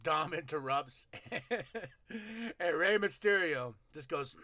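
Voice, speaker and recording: High-voiced guy recapping wrestling at home, laughing and doing the wrestlers' voices, dry close mic. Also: takes it slowly, dry recording. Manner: animated, laughing, acting out wrestlers' lines. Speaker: podcast host. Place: home room.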